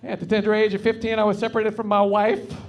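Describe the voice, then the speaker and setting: A man's voice: high-pitched, monotone, fast, dull audio, a little hiss or hum. A man with a Southern US accent from North Carolina doing a stand-up comedy set on a club stage, telling folksy, wry stories into a stage mic. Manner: folksy, wry storytelling delivery.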